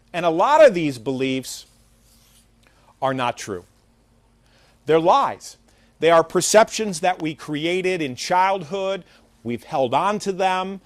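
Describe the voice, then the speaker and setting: A man's voice: on the high side, no room sound. A man hosting a talk show, giving an earnest, preachy motivational monologue and telling a fable.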